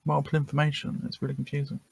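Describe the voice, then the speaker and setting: Gravelly male tabletop player. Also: fairly high pitch, completely flat delivery, rapid-fire, a little hiss or hum. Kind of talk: casual game chat.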